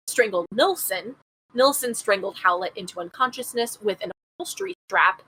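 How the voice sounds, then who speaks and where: A woman's voice: mid-range voice, fairly bright tone, slightly rough. A woman co-hosting a podcast, reading a true-crime case from her notes in a casual way, tripping over place names and adding blunt comments. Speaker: podcast co-host.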